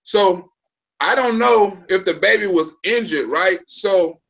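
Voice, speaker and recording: Male livestream host with a high voice. Loose street slang, swearing, sudden loud bursts. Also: slow, vocal fry. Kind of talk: casual livestream chat.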